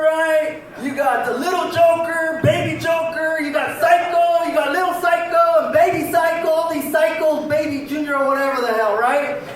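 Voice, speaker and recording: High-voiced man doing stand-up in an echoey hall. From Mexican-American family. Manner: loud storytelling, acts out voices, stutters for effect. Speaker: stand-up comedian. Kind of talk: stand-up comedy set. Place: prison event hall, live audience. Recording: echoey far-off hall recording with noise.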